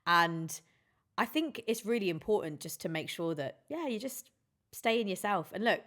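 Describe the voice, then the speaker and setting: A woman's voice: mid-range voice, lively intonation, normal speed, a bit bright. A woman, a DJ chatting candidly and emotionally on a podcast, swearing freely. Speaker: DJ and guest. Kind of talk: casual podcast chat.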